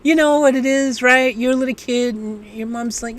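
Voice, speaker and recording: A live-stream host chatting casually with viewers, telling stories in a rambling, animated way. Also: sits high, normal speed, few pauses. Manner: rambling, animated storytelling with restarts. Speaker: livestream host.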